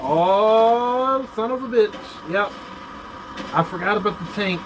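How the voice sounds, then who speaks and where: Man, high voice, gaming commentary, profane ranting, faint background hiss. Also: normal speed. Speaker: gaming YouTuber. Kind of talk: casual gameplay commentary.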